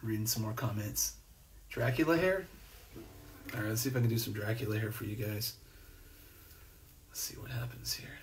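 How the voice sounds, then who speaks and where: A man's voice: fairly low pitch, moderate pace, pauses often, slight background noise. Guy chatting on a live stream, reading comments, lots of ums and restarts, mic kinda far off. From New Jersey. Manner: rambling, laid-back, many fillers and restarts. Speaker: host. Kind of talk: casual livestream chat reading comments. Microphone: phone or webcam on a live stream.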